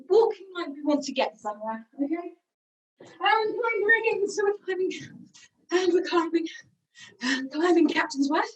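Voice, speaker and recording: The sound is lo-fi as a singing workshop leader, a British woman with a high voice, runs a lively warm-up game over video. She moves around the room calling out moves, slightly winded, her voice reaching the mic from a distance.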